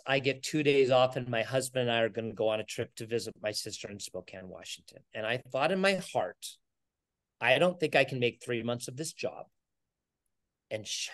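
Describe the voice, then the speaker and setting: A middle-aged man telling a story as an interview guest, energetic and animated, acting out the voices of the people in it. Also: fairly high pitch. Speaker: podcast guest, entrepreneur.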